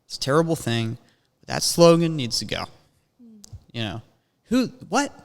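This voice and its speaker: A man on a casual podcast, ranting and swearing, often jumping into a high mocking voice. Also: sing-song, normal speed, vocal fry. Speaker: podcast co-host. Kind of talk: casual chat. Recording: long hall reverb.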